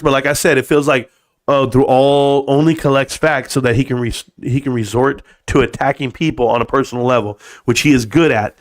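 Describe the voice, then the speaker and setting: Brief: high-pitched male stream host, loose profane joking rants, calls everyone bro. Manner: addresses viewers as bro. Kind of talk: casual live stream chat.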